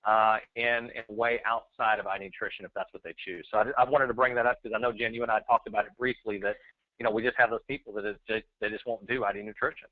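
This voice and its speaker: A man's voice: fairly low pitch, little pitch movement, fast talker, no echo. A man co-hosting a webinar, speaking hesitantly with many fillers. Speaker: webinar co-host. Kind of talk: webinar talk. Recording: tinny phone-line audio.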